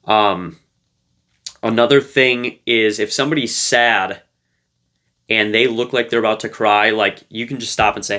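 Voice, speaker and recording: A man talks casually to camera, sharing social advice in a relaxed, playful way. His voice sits fairly low and has a bright, forceful edge, and he fills his sentences with loose fillers and restarts. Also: unhurried. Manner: loose and conversational, full of fillers; playful, light-hearted. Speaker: relationship advice creator.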